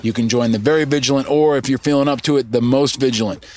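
A middle-aged man hosting a podcast, reading listener shout-outs in an upbeat, emphatic way and repeating lines for effect. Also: medium pitch, steady tone, fast. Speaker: podcast host.

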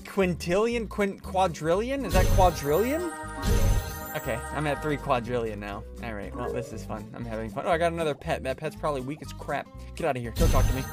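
A man hosting casual video game commentary, excitable and yelling in bursts when things go his way. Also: a little high. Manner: excitable, yells in bursts at wins. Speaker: YouTube gamer host. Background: game music.

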